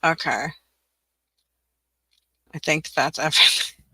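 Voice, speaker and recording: A young adult woman runs a casual live-stream tutorial, narrating her own clicks and teasing herself as she goes. Her voice sits low but bright, with a gravelly edge. The sound is close and dry, with no room echo. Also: animated, measured pace, pauses often. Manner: chatty, self-mocking, talks to herself while working, laughs often. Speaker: teacher-resource creator hosting a live stream.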